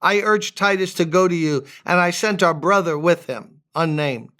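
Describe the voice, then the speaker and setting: A man's voice: a little high, normal speed, pushed and bright. A man, a pastor, giving a conversational devotional sermon, making joking asides and reading scripture aloud.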